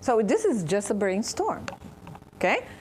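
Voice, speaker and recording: A woman with a Brazilian Portuguese accent giving an interactive spiritual talk to an audience. She pauses and restarts often while searching for words. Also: mid-range voice, sing-song, darkish tone, slight background noise. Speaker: speaker at a spiritist center.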